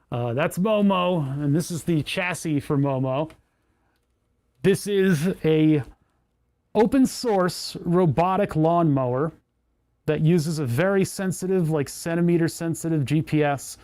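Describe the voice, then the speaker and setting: A man's voice: a little high, a little mellow. A man hosting a casual livestream, rambling and self-mocking as he thinks aloud while tinkering with electronics. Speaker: livestream host.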